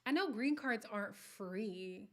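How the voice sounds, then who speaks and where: Animated woman hosting a live chat. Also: mid-range voice, measured pace. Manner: animated, exclaiming and reacting to comments. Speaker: host of a live recap stream. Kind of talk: casual live chat answering viewers.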